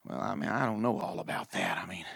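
A man's voice: fast talker, creaky, a bit bright, breathy edge, dry recording, studio quality, full character voice. A man doing a sullen young churchgoer. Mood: grudging. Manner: mumbling, low and hesitant.

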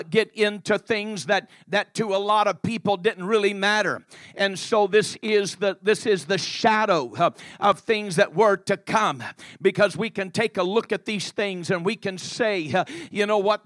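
A man preaching a sermon in a very high, piercing voice, opening almost every phrase with "uh" and punctuating with "amen". The sound is close and dry, with no room echo. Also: sharp tone. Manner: chanted preaching cadence, starting phrases with "uh" and ending with "amen".

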